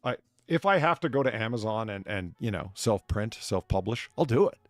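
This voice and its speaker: A man's voice: fairly low pitch, lively intonation, fairly quick, dry recording. A man from the United States hosting a live stream, chatting casually in a rambling, profane way that is full of restarts. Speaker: streamer and bartender host.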